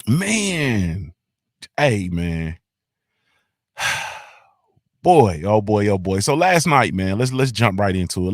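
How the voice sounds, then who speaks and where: A man hosting a casual talk show in a loose, laid-back manner. His voice sits fairly low, and he drops in fillers and repeated tags as he goes. The sound is dry and close, with little room echo. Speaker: host.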